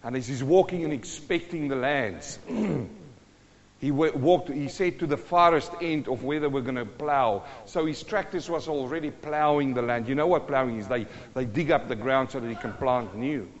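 A man preaching a sermon, telling a story with animated swings between quiet talk and shouting. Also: medium pitch, moderate pace. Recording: long hall reverb, dull lo-fi sound.

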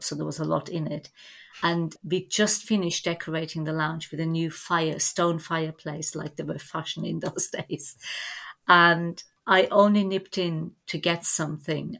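A middle-aged woman telling family stories as a podcast guest, in a lively anecdotal way. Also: low-pitched, vocal fry. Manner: lively anecdotal storytelling with laughs. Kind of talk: storytelling in a podcast interview.

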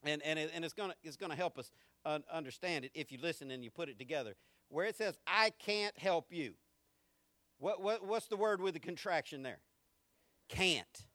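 A man with a high, bright voice preaches to his congregation in a lively, conversational style, full of slang and jokes. He often repeats a word as he gets going. The recording is dry and close, with little room sound. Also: fairly quick, dry recording. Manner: repeats words when starting sentences. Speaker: pastor. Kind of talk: sermon.

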